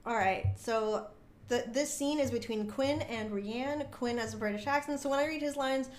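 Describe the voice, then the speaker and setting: A streamer and author with a fairly high voice chats at a moderate pace while she plays, talking about her writing in a bubbly, self-deprecating way and reading some aloud. The room sounds echoey.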